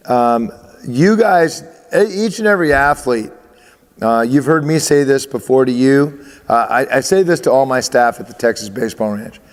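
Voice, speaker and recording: A male baseball coach speaking emphatically to his athletes, driving each point home by repeating it. His voice sits at an ordinary middle pitch. The room adds a long, lingering reverb. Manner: emphatic, repeats phrases, restarts.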